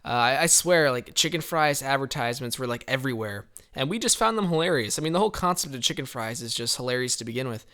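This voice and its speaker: A man's voice: medium pitch, expressive, fast, few pauses, sharp tone, smooth. A young man giving casual, rambling commentary on his band's album, laughing often and hedging with fillers.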